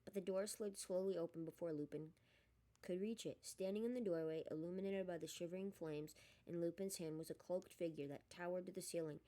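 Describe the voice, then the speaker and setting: Mellow, low woman reading a story. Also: a little fast. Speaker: audiobook reader. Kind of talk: storybook narration.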